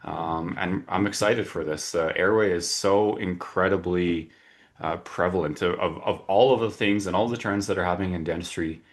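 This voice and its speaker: A very low-voiced man opens a webinar over a video call. He talks casually, with plenty of filler words and restarts. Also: normal speed. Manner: chatty, frequent fillers and restarts. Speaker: webinar host.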